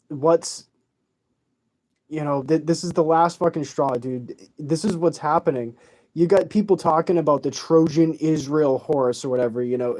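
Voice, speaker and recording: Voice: medium pitch, darkish tone. A vlogger delivering an agitated, rambling, profane rant to camera while tearful.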